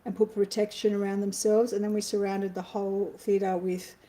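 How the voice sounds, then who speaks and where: Aussie woman doing a chatty live stream, voice kinda going hoarse, mellow tone. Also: medium pitch, little pitch movement, moderate pace, low-quality recording. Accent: Australian. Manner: chatty, effusive, greets viewers from the chat. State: losing her voice. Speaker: livestream host. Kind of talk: casual live chat. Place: apartment, indoors.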